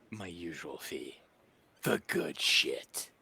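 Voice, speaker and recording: A man's voice: low-pitched, sing-song, extremely slow, gravelly, bright, forceful tone, breathy edge, heavily acted. A man voicing a laid-back gamer vampire hacker who drawls and says "like" constantly. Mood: casual. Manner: slacker drawl full of filler "like".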